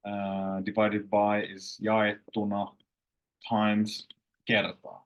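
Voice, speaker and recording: A man teaches vocabulary in a relaxed, halting way, often restarting his sentences. He talks very slowly. His voice sits fairly low. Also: low-quality recording. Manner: slow, halting explanations with fillers and restarts. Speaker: language teacher. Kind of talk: casual language lesson.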